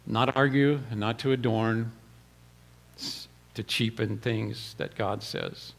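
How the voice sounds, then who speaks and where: A man preaching a sermon, telling personal stories in a plain way, often repeating words and clearing his throat. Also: fairly low pitch, fairly even intonation, slow.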